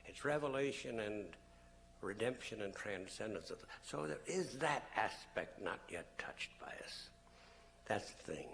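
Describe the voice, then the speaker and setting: A man's voice: on the low side, a little hiss or hum. A man giving a public lecture to an audience, telling stories animatedly and acting out the people he quotes. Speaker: public speaker.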